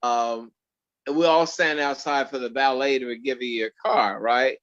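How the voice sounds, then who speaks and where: A man telling stories in an interview, animated and acting out the dialogue he quotes. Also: mid-range voice, measured pace, highs cut off. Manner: animated storyteller who acts out quoted dialogue. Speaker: actor guest. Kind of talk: storytelling in an interview.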